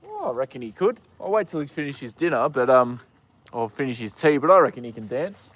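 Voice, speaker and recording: Outdoors with a horse, a young Australian man chats casually on a live stream in a mid-range, fairly bright voice with big pitch swings. He talks a little fast and rambles, with lots of ums and uhs.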